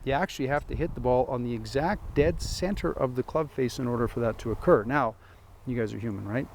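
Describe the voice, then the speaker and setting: A man's voice: mid-range voice, a little fast, a little hiss or hum. A man, a golf teaching pro, giving a chatty lesson full of rhetorical questions and dry sarcasm. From Canada.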